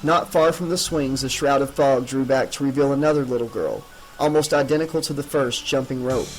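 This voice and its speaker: A man narrating a horror novel as an audiobook in a measured, dramatic reading. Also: mid-range voice, faint music behind, rough recording.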